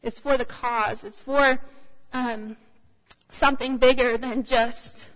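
A woman preaching with a bright, ringing voice pitched a little high. She talks in a loose, chatty way with plenty of fillers, and a long hall reverb trails behind her words. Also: steady tone, takes it slowly. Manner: conversational, anecdotal, with frequent fillers. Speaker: speaker. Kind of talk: sermon.

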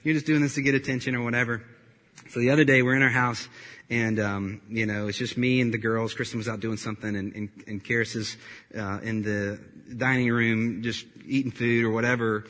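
A man's voice: on the low side, fairly even intonation, moderate pace, a bit bright. A man in his thirties preaching a sermon in a casual, joking storytelling way, recorded in a reverberant church hall. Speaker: pastor.

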